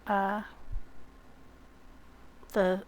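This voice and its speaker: Over slight background noise, this gameplay host speaks flatly at a medium pitch, drawing out her words. She's playing a survival game, chatting in-game with another player and addressing her viewers warmly, her commentary full of fillers.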